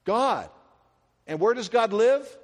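A male pastor delivering an energetic sermon, speaking high and swinging widely between loud peaks and quiet asides. He peppers his congregation with rhetorical questions in a casual, conversational way. His voice carries a long reverb from a large hall. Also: slow.

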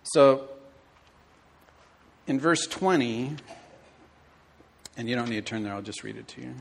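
A middle-aged man preaching a sermon to his church, telling stories with animated, acted-out inner dialogue. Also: mid-range voice, measured pace, creaky, slight background noise. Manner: animated storytelling, acting out his own inner voice. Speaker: pastor.

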